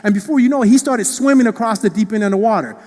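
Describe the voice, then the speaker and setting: High-voiced, animated man giving a keynote. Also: fast talker. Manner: animated storytelling with playful asides. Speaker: keynote speaker. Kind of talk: motivational keynote speech. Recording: long reverb in a large hall.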